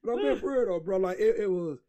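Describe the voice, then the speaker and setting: A man with an Atlanta accent telling a story in casual podcast chat, animated and laughing as he acts out his own quoted lines. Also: high voice, fast talker, a crowd in the background. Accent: Southern US, Atlanta. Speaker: podcast co-host.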